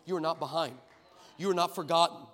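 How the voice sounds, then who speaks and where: A man preaching an energetic sermon, telling a story and building to shouted peaks. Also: fairly high pitch, fairly quick. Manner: builds to shouted crescendos, acts out voices in stories. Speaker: guest preacher. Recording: long hall reverb.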